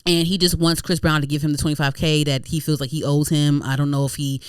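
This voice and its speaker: Animated, slangy woman podcast host. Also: sits low, fast, smooth, no room sound, studio quality. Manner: animated, slangy, swears freely. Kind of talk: casual chat.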